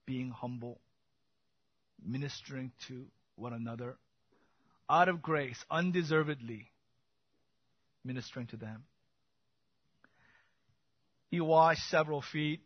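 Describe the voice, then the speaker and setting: A man preaching an expository sermon as pastor, swinging from loud emphatic bursts to quiet intimate asides. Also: mid-range voice, slow, pauses often, no echo, muffled recording.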